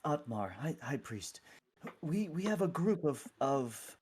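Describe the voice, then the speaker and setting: A man's voice: a little high, very animated, slow pace, a little mellow, slightly rough, voice pushed up, heavily acted. A man voicing a kindly male clergyman who guides visitors, speaking courteously with some stammering.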